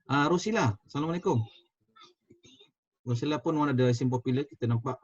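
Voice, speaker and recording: Husky Malaysian man teaching online. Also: medium pitch, fast. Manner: switches between Malay and English, repeats words, quizzes students. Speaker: Quranic Arabic teacher. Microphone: video call. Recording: dull lo-fi video call audio.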